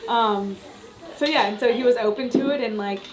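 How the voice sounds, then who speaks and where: A woman's voice: on the high side, normal speed. A woman, the bride, candidly telling a story to the camera and giggling between phrases. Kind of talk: interview to camera. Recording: echoey room with background noise.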